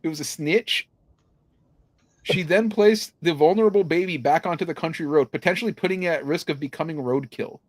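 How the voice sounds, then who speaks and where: A man's voice: on the high side, brisk, dry recording. A young man co-hosting a podcast, casually reading news stories and listener comments aloud with joking asides. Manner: reads headlines and comments aloud with laughs and asides. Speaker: podcast co-host.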